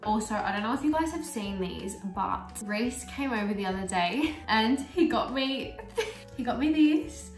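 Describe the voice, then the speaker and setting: A young woman chatting casually while doing her makeup, full of "like" fillers and lively storytelling. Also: fairly high pitch, a little slow. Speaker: beauty vlogger. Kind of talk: casual get-ready-with-me chat. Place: small bedroom filming setup. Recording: roomy echo, mic at a distance, soft music.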